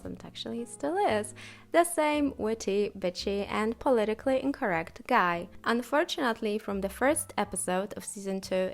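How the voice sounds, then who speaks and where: A woman vlogger recapping a TV episode in scripted commentary, with a playful, wry and sarcastic manner. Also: medium pitch.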